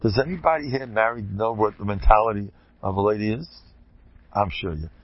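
A man, a rabbi, giving an informal talk to a group, an animated, joking storyteller who sprinkles in Yiddish and Hebrew terms. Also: lowish voice, brisk, lo-fi sound.

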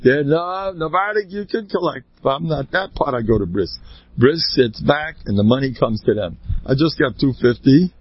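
A man giving an informal Torah talk, joking and swinging his pitch up and down, with Yiddish and Hebrew words mixed into his English. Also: animated, normal speed, slightly rough, no echo. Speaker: religious speaker. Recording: dull lo-fi dry recording.

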